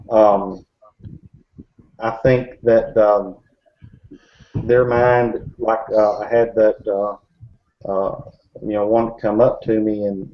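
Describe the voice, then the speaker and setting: A man chatting casually in a group discussion, rambling with many fillers and restarts. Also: lowish voice. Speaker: Bigfoot researcher in a group discussion. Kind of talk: casual chat. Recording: dull lo-fi recording.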